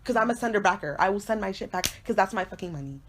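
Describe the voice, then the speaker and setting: A young woman in her twenties co-hosts a casual podcast. She talks quickly and tells stories with lively acted-out quotes, at an everyday mid-range pitch. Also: slight background noise. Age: 20s. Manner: animated storytelling with acted-out quotes. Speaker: podcast co-host. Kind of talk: casual chat.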